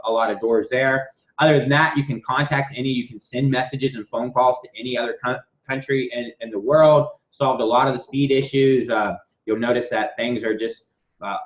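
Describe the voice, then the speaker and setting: A man hosting a casual business call, his speech rambling and full of swearing as he tells stories. His voice sits at a middle pitch. The audio is slightly dull and lo-fi. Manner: profane, rambling, animated storytelling. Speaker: host of a members' business call.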